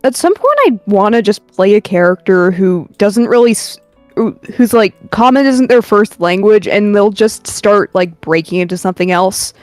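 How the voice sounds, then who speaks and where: A woman's voice: medium pitch, dry recording, faint music behind. A woman streamer and artist chatting casually and rambling a little while she draws. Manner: slow, relaxed, rambling with ums and swearing. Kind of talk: casual chat while drawing.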